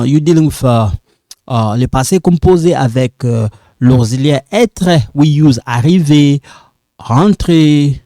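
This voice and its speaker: Teacher, man, unhurried, deep soft tone, keeps asking okay. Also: no echo, studio quality. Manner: slow, repetitive, checks in with "okay?". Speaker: French teacher. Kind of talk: whiteboard grammar lesson.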